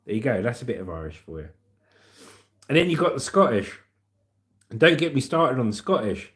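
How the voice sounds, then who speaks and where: Brief: man from southern England, livestream host, jokey, lively pitch swings. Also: normal speed, pauses often. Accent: southern English, Hampshire. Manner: jokey, laughs often, lively intonation. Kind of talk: casual livestream chat, reading comments.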